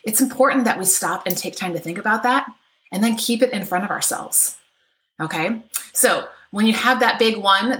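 A woman's voice: mid-range voice, fairly bright tone, reverberant. A middle-aged woman coaching an online workshop, upbeat and chatty, often checking in with "right?". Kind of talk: live online workshop talk. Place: home office.

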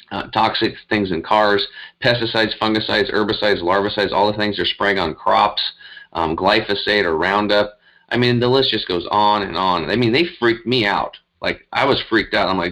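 Very deep-voiced man telling his story. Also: pushed and bright, low-quality recording. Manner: rambling, earnest, many fillers and restarts. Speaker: guest, health coach. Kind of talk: casual interview storytelling.

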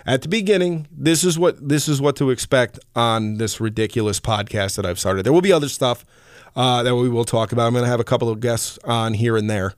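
A man hosting his own podcast in casual chat, rambling and animated, with lots of fillers and the odd curse. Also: medium pitch, a little fast, dry recording, studio quality. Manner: rambling, animated storyteller with frequent fillers and profanity. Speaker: podcast host.

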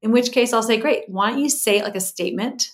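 A middle-aged woman, a guest expert on a podcast, explaining communication habits in a lively way and acting out quoted voices. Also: fairly high pitch, quick pace. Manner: animated, acts out quoted voices, explains in lists. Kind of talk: podcast interview.

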